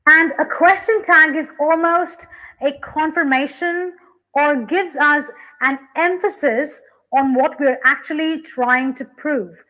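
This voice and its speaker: A woman's voice: high voice, slow pace, pushed and bright, rough recording. A young woman teacher explaining English grammar in a classroom lesson, with frequent "okay" and "you know" fillers.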